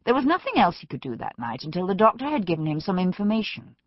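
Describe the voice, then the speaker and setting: A woman narrating an audiobook in a measured storytelling manner. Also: on the low side, big pitch swings, no echo, muffled recording. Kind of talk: scripted narration.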